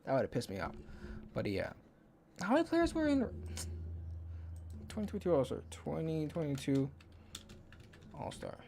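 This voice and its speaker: A man's voice: fairly high pitch, wildly swooping pitch, moderate pace, creaky, long pauses, dark tone, slight background noise. A young man hosting a solo podcast in casual chat, rambling and swearing, counting under his breath while he thinks aloud. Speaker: podcast host.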